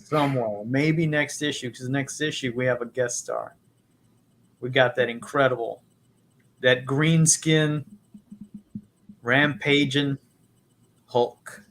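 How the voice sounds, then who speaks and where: A man's voice: medium pitch, fairly even intonation, takes it slowly, pauses often, a bit bright. A man co-hosting a podcast in casual chat, loose, profane and joking. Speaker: podcast co-host.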